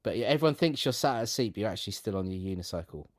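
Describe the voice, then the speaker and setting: Low-voiced rambling man. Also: lively intonation, very fast, dry recording, clean studio sound. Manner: rambling, jokey tangents with many restarts. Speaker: podcast co-host. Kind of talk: casual chat. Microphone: remote call.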